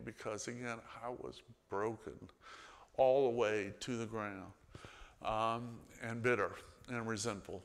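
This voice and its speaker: A man's voice: fairly low pitch, fairly even intonation, takes it slowly, gravelly. Man preaching in a reverberant church. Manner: conversational storytelling, swings between loud emphasis and hushed asides. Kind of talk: sermon. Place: church sanctuary. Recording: long reverb of a church hall.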